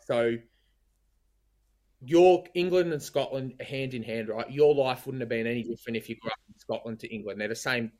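An Australian man in a loose sports podcast debate, pushing his argument hard. His voice sits at a middling pitch, and he keeps tagging his points with a quick "right?" to pull the others along. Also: a little mellow. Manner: emphatic, argumentative, leans on "right?". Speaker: podcast co-host.

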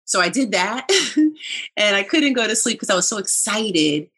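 A middle-aged woman telling a personal story in casual conversation, animated and acting out quoted lines, with frequent laughs. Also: medium pitch, normal speed, slightly rough.

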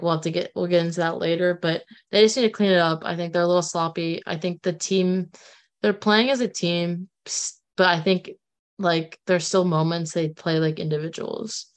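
A woman's voice: lowish voice, a bit bright. A woman co-hosting a casual sports podcast, chatty with many fillers and restarts. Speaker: podcast co-host.

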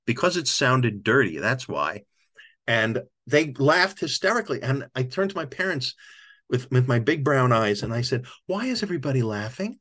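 A man's voice: medium pitch, very animated, moderate pace, pushed and bright. Older male author, guest on a podcast, reflective and emotional storyteller, plain mid-range voice. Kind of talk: storytelling in an interview.

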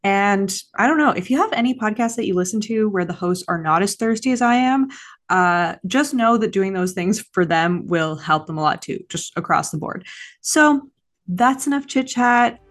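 A woman's voice: mid-range voice, normal speed. A woman hosting a podcast in a casual, rambling, self-deprecating way, swearing now and then. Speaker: podcast host. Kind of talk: casual chat.

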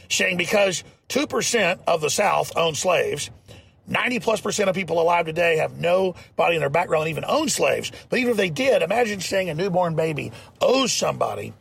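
A man's voice: fairly high pitch, creaky, fairly bright tone, husky. A man hosting a talk show, delivering fiery, emphatic and mocking political commentary.

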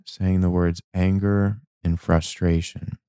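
A man giving a reflective motivational talk about anger and change, slow and emphatic, repeating words and now and then swearing. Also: deep voice, level tone, mellow, clean tone, no room sound, studio quality. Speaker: self-help speaker.

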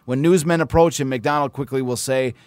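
A man's voice: mid-range voice, steady tone, fairly quick, a little mellow, no echo. A man hosting a casual talk, telling sports history stories with animation and reading old articles aloud. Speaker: podcast host and filmmaker. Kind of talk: casual chat.

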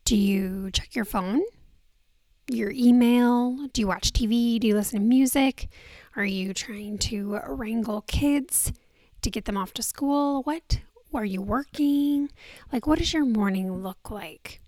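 A woman with a slightly high voice hosts her podcast in easygoing talk, still in her groggy morning voice. She keeps it soft, often sinking to a breathy near-whisper into a handheld mic. The sound is dry and close, with no room echo. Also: a little slow. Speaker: podcast host. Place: indoors on vacation. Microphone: handheld microphone.

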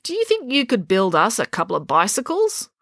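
A woman's voice: medium pitch, wildly swooping pitch, brisk, a bit bright, no room sound, clean studio sound, pitched above the performer's own voice, full character voice. A woman voicing a self-absorbed, bossy young girl who talks bluntly and impatiently.

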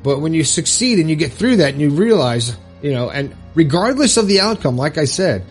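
Male self-help host, earnest and coaching, slightly high voice, light music bed. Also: sing-song, fairly quick. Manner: earnest, coaching, checks in with "okay?". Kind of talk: motivational advice talk.

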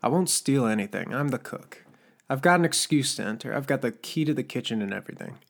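A scarred, disgraced cook with a gravelly, creaky voice, as a male narrator puts him on. He talks in a sly, needling way, coaxing and pressuring. The pitch sits mid-range, like an ordinary man's. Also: animated, fast talker. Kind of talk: audiobook character voice.

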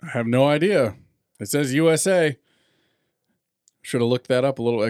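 A man hosts a relaxed chat over a bourbon tasting, rambling, poking fun at himself and laughing often. His voice sits at a middle pitch and is recorded close and dry, with no room sound. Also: fairly quick, dry recording. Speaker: podcast host.

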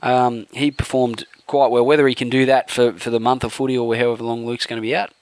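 A man talks in blunt, sarcastic banter on a casual sports podcast, swearing freely. His pitch sits in the middle range. The recording is dry and close. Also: flat delivery, fast, no echo. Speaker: podcast co-host.

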